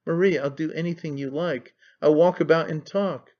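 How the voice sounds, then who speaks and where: A man's voice: fairly high pitch, fairly even intonation, normal speed, natural voice. A man reading aloud who voices an anxious, devoted young man, flustered and pleading, in a dull lo-fi recording. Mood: pleading, alarmed.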